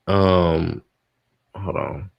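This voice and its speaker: A man's voice: low-pitched, extremely slow, gravelly, muffled recording. A man hosting a live gossip stream, chatting casually with his listeners, exasperated and swearing freely. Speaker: host of a live gossip show.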